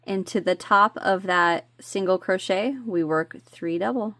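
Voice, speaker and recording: A woman's voice: medium pitch, a little slow, no echo. A woman teaching crochet step by step. She talks in a chatty, homey way and counts stitches under her breath. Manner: counts stitches softly, chatty asides, slips on words. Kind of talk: step-by-step craft tutorial.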